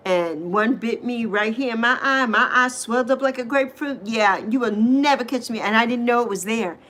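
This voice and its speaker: With a voice on the high side and a fairly bright tone, a middle-aged woman from the U.S. Virgin Islands talks at a moderate pace while hosting a casual livestream. She chats animatedly, reacting to what viewers comment with emphatic exclamations.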